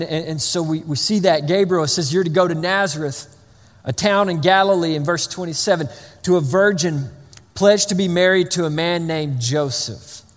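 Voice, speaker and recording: A man preaching a sermon in a loose, conversational way, full of restarts and playful asides. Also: fairly high pitch. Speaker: pastor. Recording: long reverb of a large hall.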